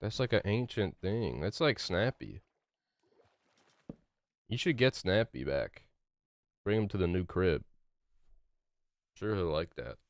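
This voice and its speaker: Lively low-voiced young man streaming. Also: takes it slowly, pauses often, dry recording. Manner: loose, rambling, swears and talks to chat. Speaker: gaming streamer. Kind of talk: casual live-stream chat while gaming.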